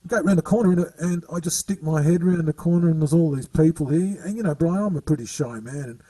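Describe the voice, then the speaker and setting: A man telling stories in casual chat as a guest musician, halting and rambling with frequent laughs, heard over a video call. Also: fairly high pitch, dark tone, no room sound, recorded from a distance, low-quality recording.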